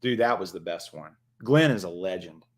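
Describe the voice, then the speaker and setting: A man's voice: low voice, expressive, normal speed. A man hosting a casual livestream chat as a comic shop owner, laid-back and crude.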